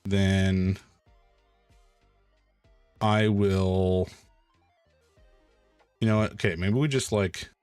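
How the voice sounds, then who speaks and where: A man streaming live, chatting casually while he draws, rambling and self-mocking with sudden loud exclamations. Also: low-pitched, flat delivery, drawn-out words, pauses often, clear, resonant tone, no room sound, faint music behind.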